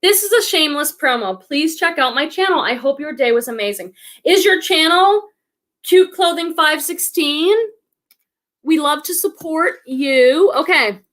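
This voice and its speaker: Casting: middle-aged woman, high voice, excitable chatty livestream host reading out viewer comments. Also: moderate pace. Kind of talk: casual livestream chat.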